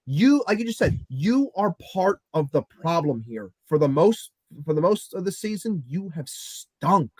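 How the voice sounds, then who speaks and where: A man's voice: fairly high pitch, animated, measured pace, hardly any pauses, a little mellow, no echo. A man co-hosting a sports podcast, ranting in an exasperated way and swearing. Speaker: podcast co-host. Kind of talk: heated sports talk rant.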